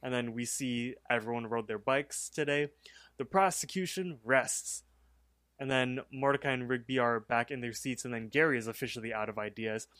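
Male podcast co-host, mid-pitched and casual, rambling recap delivery, dry close sound. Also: steady tone, fairly quick, few pauses, a bit bright, no room sound. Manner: rambling retelling full of "like" and "um".

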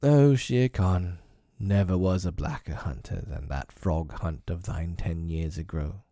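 A man's voice: sits low, unhurried, dark tone, no echo, clean studio sound. A man voicing a wise, protective male panther who speaks solemnly and tenderly in a storybook reading. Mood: grave, tender.

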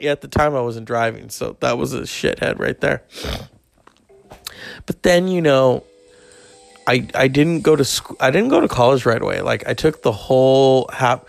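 Gravelly, foul-mouthed ranting man in his forties. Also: dry recording. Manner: ranting, swearing, mocking others in high put-on voices. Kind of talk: profane rambling monologue.

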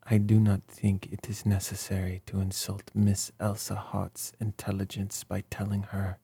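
Guy doing prim old detective, formal, kinda scolding, low husky gravelly voice. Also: monotone, normal speed, mellow, no echo, exaggerated voice. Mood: reproving. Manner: formal, mildly reproachful. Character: fussy, precise older male detective.

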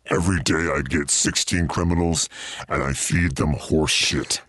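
A man voicing a gruff, boastful male Mountie as an improvised comic bit. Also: extremely low pitch, steady tone, measured pace, fairly bright tone, no echo, exaggerated voice. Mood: blustering. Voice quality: gravelly. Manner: blustering improvised comic bits.

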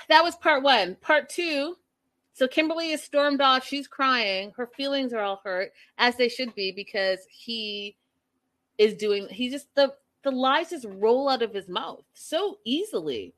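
A woman hosting a casual live-stream recap, chatty and animated, talking straight to her viewers. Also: sits high, a little slow. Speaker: reality show recap host.

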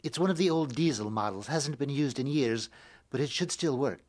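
Woman playing a low-voiced, nervous elf coworker. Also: normal speed, a little mellow. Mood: conspiratorial. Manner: hesitant, conspiratorial, stumbling over words. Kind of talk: family radio-play acting.

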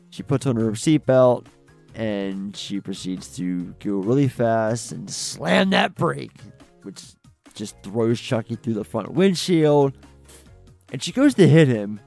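Guy on a movie podcast, excited, retelling scenes, swears, faint music under. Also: mid-range voice, gravelly. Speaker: podcast co-host. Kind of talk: casual film review chat.

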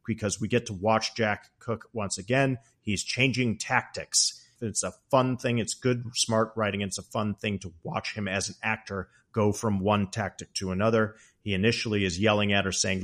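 Male podcast host, lowish voice, animated casual storytelling, film discussion. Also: moderate pace, few pauses. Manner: animated storytelling, acts out quotes.

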